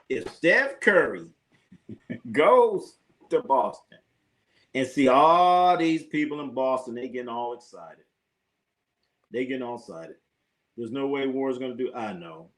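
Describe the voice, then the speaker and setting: A man hosting a casual sports livestream. He reads out viewer comments, rambles, repeats himself, swears and laughs often. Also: medium pitch. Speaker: sports talk livestream host. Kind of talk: casual live-stream chat reading viewer comments.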